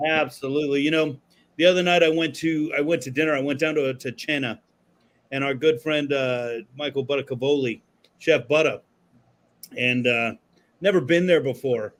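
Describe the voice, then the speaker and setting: A man's voice: medium pitch, normal speed. A man co-hosting a casual talk show, telling profane, laid-back stories from a studio. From Florida. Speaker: podcast co-host. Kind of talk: casual chat.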